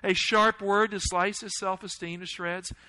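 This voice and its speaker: A man preaching a sermon, asking the congregation questions and swinging between loud, urgent lines and hushed ones. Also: high voice, steady tone, a little slow, rough recording. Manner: asks the audience questions.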